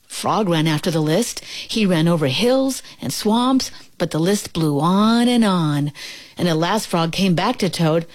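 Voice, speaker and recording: Slow, expressive woman reading a storybook. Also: lowish voice, no echo. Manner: slow, expressive, with gentle pauses. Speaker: narrator. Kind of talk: reading a children's storybook aloud.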